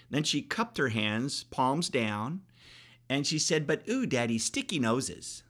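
A man's voice: medium pitch, a bit bright. Rambling earnest father. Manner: rambling, many restarts, earnest. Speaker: interviewee, father. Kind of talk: personal storytelling.

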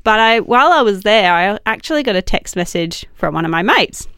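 A young woman telling a story on a podcast, her pitch lively and swinging. Her voice sits mid-range and sounds dry and close. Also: a little fast, clean tone, dry recording. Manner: storytelling, laughs easily. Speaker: podcast co-host. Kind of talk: casual chat.

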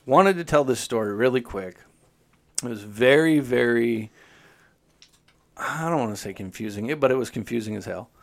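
A young man co-hosting a podcast, telling a story in a casual, animated way with lots of swearing. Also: medium pitch, moderate pace, creaky, long pauses. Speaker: podcast co-host.

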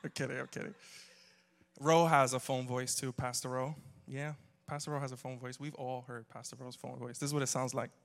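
Long reverb fills the church hall where this pastor delivers a funny sermon, swapping jokes, stories, and banter with his congregation. His medium-pitched voice is fairly quick and shows little pitch movement.

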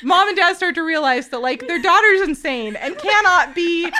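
Very high-voiced young woman telling a story. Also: normal speed, slight background noise. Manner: animated storytelling, laughing often, acting out shouted quotes. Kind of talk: casual chat.

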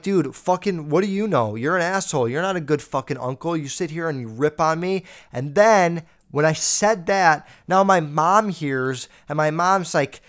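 A man's voice: on the high side, clear, resonant tone. Young man rambling on his podcast. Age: 20s. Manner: rambling, heavy swearing, heats up when retelling arguments. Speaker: podcast host. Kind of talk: casual solo podcast storytelling.

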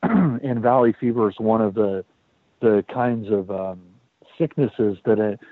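A man's voice: on the low side, unhurried, no room sound. A man hosting a podcast, telling a story in a loose, chatty way, repeating words and swearing now and then. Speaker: podcast host. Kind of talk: casual storytelling. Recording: tinny phone-like dry sound.

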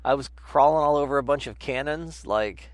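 A man's voice: mid-range voice, moderate pace, no room sound. A man co-hosting a casual podcast chat, telling rambling, profane stories and slipping into silly voices. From New York. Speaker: podcast co-host.

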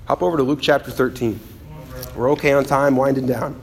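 A man preaching a sermon in an animated, conversational way, often acting out quotes and restarting his phrases. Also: medium pitch, brisk, creaky, a little hiss or hum.

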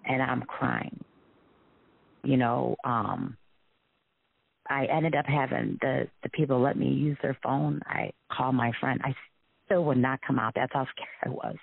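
A man telling a frightening personal story in a halting, shaken way, with many restarts. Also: medium pitch, steady tone, gravelly, slightly rough, no room sound. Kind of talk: emotional personal testimony. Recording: tinny phone-line recording.

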